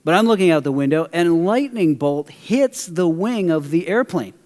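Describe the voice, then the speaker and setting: A middle-aged man preaching from the pulpit, moving between teaching and an animated personal story. His voice sits somewhat high, and a long hall reverb trails every phrase. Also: moderate pace. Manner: animated, acts out a story with quoted voices and audience questions. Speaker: pastor. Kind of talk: sermon with storytelling.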